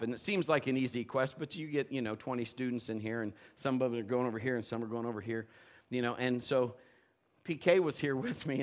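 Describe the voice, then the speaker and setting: A man preaching a sermon, telling lively personal stories and acting out the voices of the people in them. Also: medium pitch. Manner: animated storytelling, playful quoted voices. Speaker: pastor.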